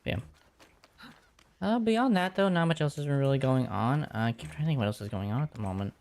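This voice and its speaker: A man's voice: mid-range voice, expressive, brisk, a little mellow. A man streaming a game and chatting casually with viewers in a rambling, easygoing way. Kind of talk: casual chat while gaming.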